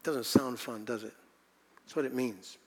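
A man's voice: mid-range voice, fairly even intonation, a little slow, husky. A male pastor preaching a sermon in a church, emphatic and repeating phrases for stress. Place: church sanctuary. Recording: long reverb in a hall.

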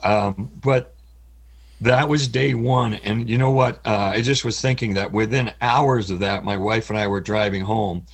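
A middle-aged man giving an interview, speaking in an earnest, halting way with frequent pauses, his voice cracking with emotion. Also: on the low side, fairly even intonation, slightly rough. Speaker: interview guest. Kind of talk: candid personal interview.

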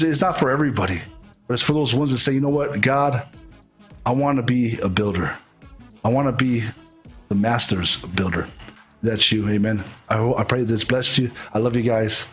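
A man preaching an online sermon, halting and repeating his words, earnest and heartfelt, calling viewers to prayer. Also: medium pitch, fairly bright tone, breathy edge. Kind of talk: online sermon with altar call.

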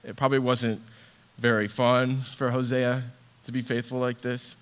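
A young man gives an earnest sermon in a relaxed, conversational way. His voice sits at an ordinary middle pitch, and he drops in easy fillers as he works through his thoughts. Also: normal speed, smooth. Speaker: ministry associate director preaching.

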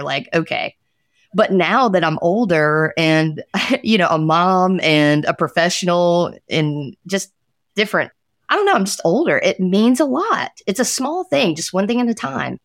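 A woman's voice: lowish voice, vocal fry, fairly bright tone, no room sound, clean studio sound. A woman co-hosting a podcast, speaking in a heartfelt, reflective way and chiming in with affirming words. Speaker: podcast co-host. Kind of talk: casual chat on hope and mental health.

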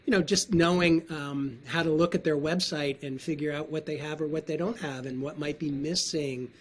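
A man talking casually as a wine trade guest in an interview, relaxed and often clearing his throat. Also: fairly high pitch, normal speed.

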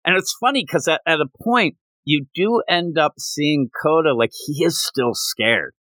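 A man co-hosting a casual podcast, recapping a manga chapter in an animated way and jumping up in pitch when he quotes characters. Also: unhurried, dry recording, low-quality recording. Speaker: podcast co-host.

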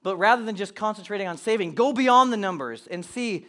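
Pastor, male, high-pitched, animated sermon delivery with acted-out asides. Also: fairly quick.

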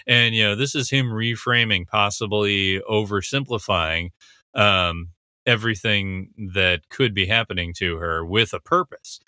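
A man talks through a TV scene in a casual, analytical way, recapping dialogue and pausing often on fillers. His fairly low voice has a very bright, sharp edge. The sound is close and dry with no room echo. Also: clean tone. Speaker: commentator breaking down a TV scene.

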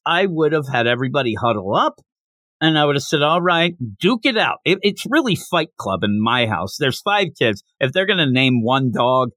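This man's voice sits a little high, captured in a dry recording. Hosting his podcast, he gives a laid-back, lively rundown of a manga chapter and slips into the characters' voices.

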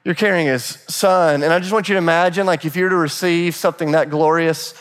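Higher-voiced man preaching in a reverberant church. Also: fast talker, smooth. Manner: animated storytelling, briefly acting out quoted voices. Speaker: pastor. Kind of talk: sermon. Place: church sanctuary.

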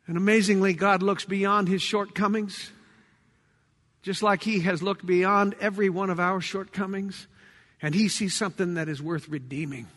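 A man preaching a sermon to his congregation, dramatic, swinging between loud cries and hushed tones. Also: sits high, fairly even intonation, moderate pace. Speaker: pastor. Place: church sanctuary. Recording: long church hall reverb.

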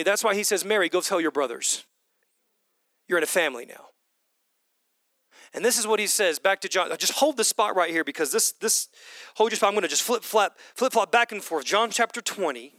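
A man preaching a sermon with passion, repeating phrases and swinging from loud calls down to whispers. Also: sits high, no echo.

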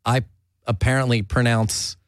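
A man's voice: medium pitch, steady tone, moderate pace, no room sound, studio quality. A man from New Jersey with a slight New Jersey accent, hosting a podcast in a casual, chatty way, often restarting and laughing. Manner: chatty, self-interrupting, laughs easily. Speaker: podcast host. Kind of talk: casual chat.

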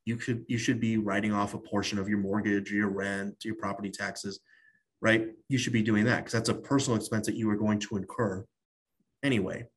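A man's voice: on the low side, little pitch movement, fairly quick, slightly rough. A man, a tax strategist guest in an interview, explaining things in a loose, storytelling way with many fillers. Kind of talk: casual interview talk.

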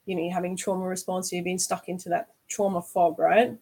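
A woman's voice: on the low side, little pitch movement, brisk, gravelly, darkish tone, husky, low-quality recording. A woman hosting a candid conversation, earnest and reflective, often asking "right?". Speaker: host.

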